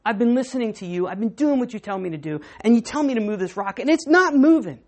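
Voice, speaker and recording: A woman's voice: mid-range voice, lively intonation, fast, warm tone, lightly acted. A woman voicing a worn-out laboring man who pleads with God in anguish. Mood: pleading.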